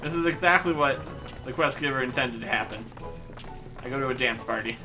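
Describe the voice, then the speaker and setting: A man's voice: medium pitch, fairly quick, music in the background, rough recording. A man hosting a let's-play, giving casual commentary with playful, giggly asides. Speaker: gaming channel host.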